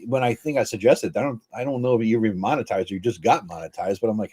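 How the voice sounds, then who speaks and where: A man hosting his channel, talking in a fast, rambling way and swearing casually. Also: lowish voice, a little mellow, breathy edge. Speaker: channel host. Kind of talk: casual chat.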